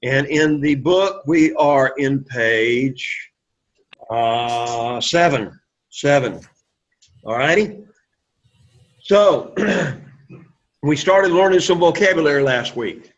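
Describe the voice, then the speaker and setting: A man's voice: a little high, animated, extremely slow, long pauses. A man teaching an introductory Greek class, encouraging students and having them repeat words aloud. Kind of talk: classroom lecture. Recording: lo-fi classroom recording.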